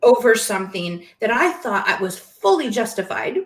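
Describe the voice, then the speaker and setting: A woman talking as a podcast guest in casual conversation, emotional and animated, quick to laugh. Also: fairly high pitch, roomy sound, low-quality recording.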